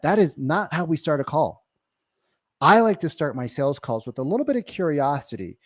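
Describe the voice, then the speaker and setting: With a fairly high pitch and big swings in intonation, this male sales trainer in real estate coaches at a moderate pace. His emphatic monologue keeps looping back to the listener with "right?" There's no room sound, just a clean studio recording.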